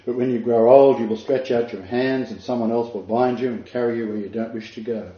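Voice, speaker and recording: A man's voice: medium pitch, steady tone, fairly quick. An older man preaching a sermon, earnest and emphatic, with asides to his listeners. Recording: dull echoey room recording.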